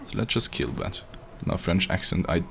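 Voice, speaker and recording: Low-voiced man casually streaming a game. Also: animated, moderate pace, vocal fry, pushed and bright, a little hiss or hum. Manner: joking and profane, chatting to viewers. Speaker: livestreamer playing a video game. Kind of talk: casual live commentary.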